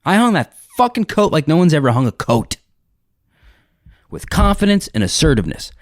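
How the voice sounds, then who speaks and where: A comedian spins a rambling, profane story, his voice swinging lively up and down and sitting a bit high for a man. The sound is close and dry, with no room around it. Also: moderate pace, no room sound. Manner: animated, profane, acts out dialogue in character voices.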